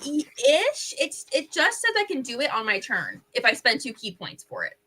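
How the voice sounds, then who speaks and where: A woman's voice: high-pitched, wildly swooping pitch, normal speed, sharp tone, husky, low-quality recording. A woman playing a tabletop game, upbeat but a little hesitant as she explains her moves. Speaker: player.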